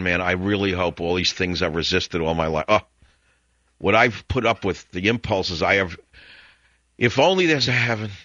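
A man's voice: sits low, bright, forceful tone, no room sound, dull audio. An older man hosting a radio talk show from a studio, rambling and reflective with wry asides.

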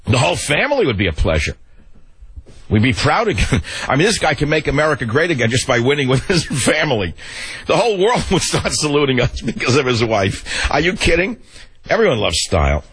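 An older man from the Bronx, hosting talk radio in a gruff, rambling monologue full of animated asides. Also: medium pitch, dry recording, low-quality recording. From the Bronx, New York.

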